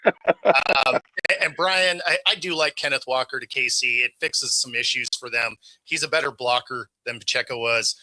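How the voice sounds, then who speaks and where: Co-host, male, very bright and sharp tone, stammering restarts, dry close sound. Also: mid-range voice, no echo, low-quality recording. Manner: quick agreeing, stammered restarts. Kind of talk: casual sports talk.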